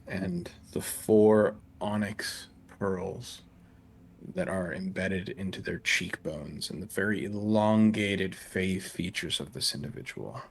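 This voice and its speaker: A man narrating as game master of a tabletop game, in an easy, descriptive way. His voice sits low and has a gravelly fry. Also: a little hiss or hum.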